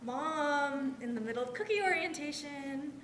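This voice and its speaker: A woman's voice: high voice, moderate pace. A woman reading the part of an eager, awkward young girl scout in a staged play reading, stammering nervously. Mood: embarrassed. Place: theatre. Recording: live reading in an echoey hall, loud noise.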